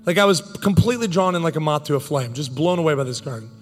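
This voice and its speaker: A man in his thirties preaching a sermon, telling a funny story in animated, joking bursts. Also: fairly high pitch, fast, in a large hall, soft background music. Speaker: pastor.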